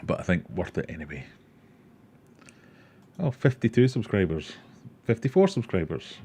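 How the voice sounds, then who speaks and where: A man's voice: deep voice, very animated, moderate pace, pauses often, mellow, slightly rough. A man hosting a casual livestream, rambling, joking and reading viewer comments aloud. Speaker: aquarium livestream host.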